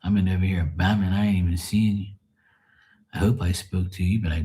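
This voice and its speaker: Deep-voiced and dark in tone, this middle-aged man keeps a steady delivery at a fairly quick pace while hosting a tarot livestream. He chats casually, swears freely through blunt stories, and calls out viewers by name.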